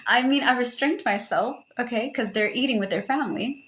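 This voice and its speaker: A young woman hosting a podcast, giving casual advice in an animated, joking way with frequent swearing. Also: a little high, fairly quick, rough recording. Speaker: podcast host.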